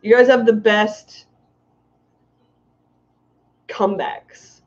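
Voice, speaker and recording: Speaking very slowly with a mid-range, fairly even voice, a middle-aged American woman hosts a fishkeeping livestream. She rambles and giggles as she reads comments, and the stream audio is muffled and lo-fi.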